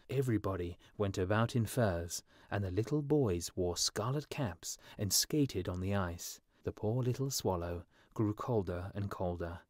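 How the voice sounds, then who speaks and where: A male storyteller reads a fairy tale aloud in slow, clear scripted narration, paced for English learners. His voice sits fairly low. It is recorded close and very dry. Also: a little mellow, no echo.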